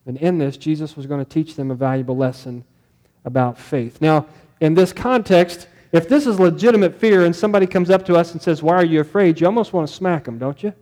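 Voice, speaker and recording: A man's voice: a little high, brisk, mellow. A male pastor giving a sermon in a conversational way, often putting questions to the congregation.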